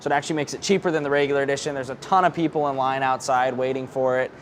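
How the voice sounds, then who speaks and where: A man's voice: medium pitch, fairly even intonation, racing, slight background noise. A man hosting a podcast in a casual promotional chat, rattling off lists of features at an indoor launch event. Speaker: podcast host.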